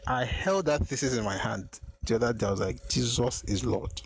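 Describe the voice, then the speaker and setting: A man's voice: medium pitch, animated, a little fast, slight background noise. Man musing on a live stream. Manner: thinking aloud, restarting sentences, mixing in Yoruba phrases. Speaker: host of a live history stream. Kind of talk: casual live-stream talk.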